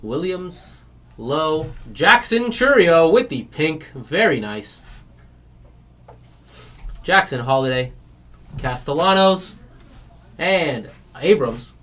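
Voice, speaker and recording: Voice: mid-range voice, very animated, takes it slowly, long pauses, a bit bright. A card break host in casual chat, rambling through stories and laughing, then rattling off player names while opening packs.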